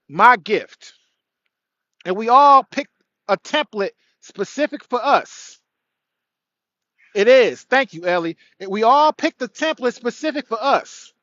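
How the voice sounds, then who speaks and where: A man's voice: very high voice, pushed and bright, no echo. A man hosting a casual late-night spiritual livestream from his phone, rambling loosely and greeting viewers by name. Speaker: livestream host. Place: indoors at night. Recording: dry, dull lo-fi phone audio.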